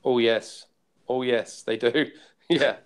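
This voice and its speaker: A British man on an online call from his living room, easygoing and chatty, and he admits he talks quickly. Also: medium pitch, fairly even intonation, smooth. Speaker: panel guest. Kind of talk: casual group call chat. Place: living room at home, fan running.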